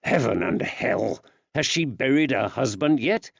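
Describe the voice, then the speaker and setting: Man doing a tired gruff old-time lawman, blunt and plain, dry dull sound. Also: medium pitch, expressive, a little slow, no room sound, heavily acted. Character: weary, gruff working-class constable husband. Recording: dry, slightly dull recording.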